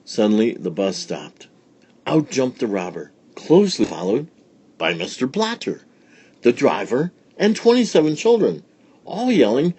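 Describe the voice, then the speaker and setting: A man reading a children's story aloud in a playful, expressive way. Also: medium pitch, a little slow, breathy edge.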